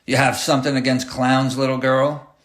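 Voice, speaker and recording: A man's voice: mid-range voice, flat delivery, normal speed, voice pushed up, lightly acted. A man voicing a cruel, taunting male clown who drives a school bus, barking orders in a sneering way. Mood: menacing. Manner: sneering, bossy, barking threats. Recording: roomy echoey room.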